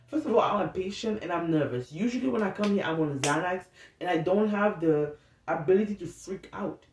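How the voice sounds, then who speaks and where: A woman's voice: lowish voice, expressive, fairly quick, darkish tone. A woman talking candidly in an unscripted self-help vlog, rambling and swearing freely. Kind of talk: unscripted casual monologue. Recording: roomy, distant mic, faint noise.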